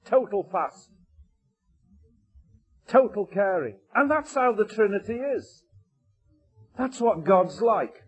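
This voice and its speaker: A man preaches with fervor, his fairly high voice leaping upward on key words and dropping to near-murmurs on others. He drives his points home with rhetorical questions. Faint music sits quietly beneath him. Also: lively intonation, slow, pauses often, slightly rough. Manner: impassioned, rhetorical questions, wide swings in pitch and loudness. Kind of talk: sermon.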